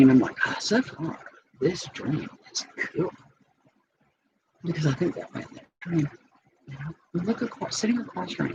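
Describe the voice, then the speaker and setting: Gravelly woman rambling through a story. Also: low-pitched. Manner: rambling, digressive, frequent restarts and fillers. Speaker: vlogger. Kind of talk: unscripted personal storytelling. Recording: dull lo-fi sound with clear background noise.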